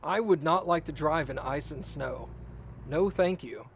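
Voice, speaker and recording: A man's voice: on the high side, a little slow, vocal fry, fairly bright tone, a little hiss or hum. A man streaming a game, chatting casually and laughing his way through a story. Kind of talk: casual chat while gaming.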